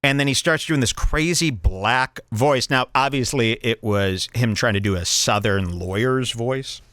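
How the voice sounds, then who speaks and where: A man's voice: medium pitch, a little slow, fairly bright tone, dry recording, studio quality. A man hosting a podcast, rambling through opinionated, emphatic casual chat. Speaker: podcast host. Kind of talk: casual chat, movie review.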